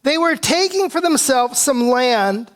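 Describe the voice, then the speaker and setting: A male pastor from the Pacific Northwest preaching a conversational sermon. He often asks "right?" and now and then clears his throat. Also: extremely high pitch, animated, a little slow. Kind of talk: expository sermon. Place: church sanctuary.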